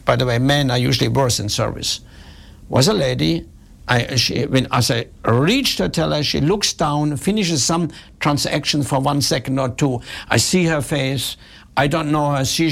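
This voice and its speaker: A man's voice: medium pitch, normal speed, gravelly. A man giving a storytelling talk on customer service, emphatic and repeating his key points.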